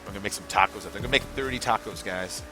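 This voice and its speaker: A man's voice: on the low side, rapid-fire, over music. A young man hosting a casual gaming livestream, rambling, swearing freely and answering chat as he plays.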